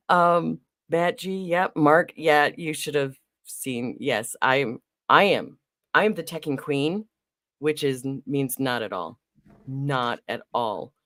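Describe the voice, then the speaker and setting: Livestream host, female; deep-ish, laughs easily, greets chat by name, close and dry. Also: slow, fairly bright tone, no room sound. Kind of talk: casual live-stream chat.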